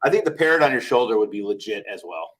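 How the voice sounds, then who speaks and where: A man co-hosting a casual chat show, joking and acting out quick little voices as he talks. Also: fairly low pitch. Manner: animated, jokey, acts out little quoted voices. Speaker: podcast co-host.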